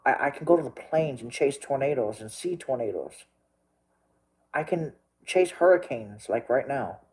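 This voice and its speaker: Husky tearful man ranting. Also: medium pitch, expressive, normal speed, darkish tone, low-quality recording. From Texas. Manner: rambling, repeats himself, tearful and agitated. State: crying. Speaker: storm chaser vlogger. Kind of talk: emotional vlog rant.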